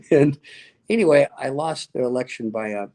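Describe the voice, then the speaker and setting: A man's voice: medium pitch, expressive, moderate pace, mellow. A middle-aged man, a pastor, telling stories in an interview, acting out quoted voices and laughing often. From Nevada. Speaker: guest, pastor and speaker. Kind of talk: animated storytelling interview.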